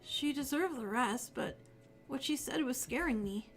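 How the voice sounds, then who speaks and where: A woman's voice: high-pitched, expressive, unhurried, faint music behind. A woman voicing an anxious, protective young male protagonist from a game, reading his lines and narration aloud in an earnest, pleading way. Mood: narrating.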